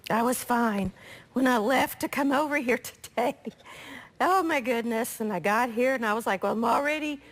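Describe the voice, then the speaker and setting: Woman, raspy from allergies, somewhat high voice, chatty homey cooking host. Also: a little slow. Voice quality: chatty, homey, talks to viewers directly. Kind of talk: live cooking demonstration.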